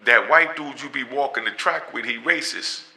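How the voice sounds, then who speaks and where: Man voicing a heated young male prisoner, gravelly and sharp. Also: medium pitch, normal speed. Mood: complaining. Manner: blunt street talk.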